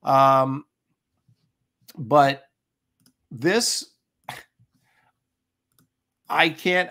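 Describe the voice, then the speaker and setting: A man's voice: medium pitch, drawn-out words, long pauses, fairly bright tone. A middle-aged man co-hosting a casual chat, enthusiastic and rambling, often restarting his sentences. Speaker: co-host.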